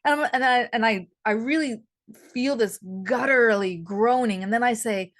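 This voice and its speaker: A middle-aged woman hosting an interview, telling a story in a lively, animated way. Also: on the high side, moderate pace. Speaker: host.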